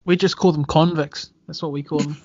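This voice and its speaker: A man's voice: on the high side, a little fast, no echo. A New man trading jokes and teasing over a video call. His voice is dry and close with dull, lo-fi call audio, and he keeps an easy, bantering manner. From New Zealand. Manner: joking, teasing, relaxed banter. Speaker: co-host. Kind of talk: casual chat.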